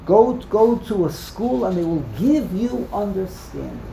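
Guy teaching a study class, low gravelly voice, keeps repeating himself, roomy echo. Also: animated, unhurried, dark tone, slight background noise. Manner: emphatic, repeats words and restarts often. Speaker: Torah teacher. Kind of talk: text-study class lecture.

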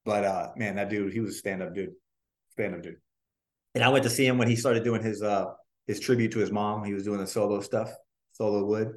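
A man's voice: lowish voice, fairly even intonation, a little fast. A man in an interview telling casual stories about his music career, rambling with restarts and the odd swear. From Orlando. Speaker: guest, former boy band member.

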